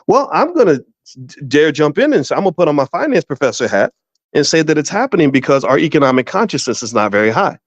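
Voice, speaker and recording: Animated middle-aged man commentator. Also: quick pace, dry recording. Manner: animated storyteller, jumps into high excited voices; folksy, repeats himself and restarts often. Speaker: host. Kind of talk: casual commentary monologue. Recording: dull, slightly lo-fi dry sound.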